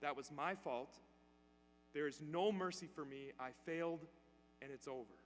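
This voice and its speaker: A man's voice: on the high side, moderate pace, close to an everyday voice. A male preacher voicing a bitter, dying old man who speaks angrily and then wearily, heard with long church reverb. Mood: grim. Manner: angry, then weary and defeated. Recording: church hall reverb, faint hum.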